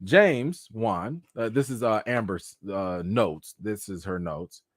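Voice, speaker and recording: A man hosting a live commentary chat, talking in an animated, slangy way. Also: on the low side, slow pace, dry recording, studio quality. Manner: animated, slangy, acts out quotes. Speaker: host.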